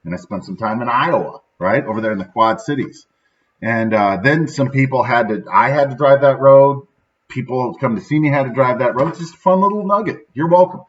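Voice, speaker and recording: A mid-range voice at a moderate pace belongs to a man in his thirties from central Illinois. On his daily motivational show he rambles cheerfully in a casual way, frequently adding "right?", and the audio is slightly dull and lo-fi.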